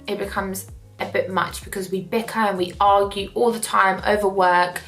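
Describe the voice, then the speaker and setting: A woman's voice: mid-range voice, little pitch movement, normal speed, fairly bright tone. A woman vlogging in a casual get-ready-with-me chat, candid and emotional, breaking into laughing storytelling. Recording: roomy echo with faint background music.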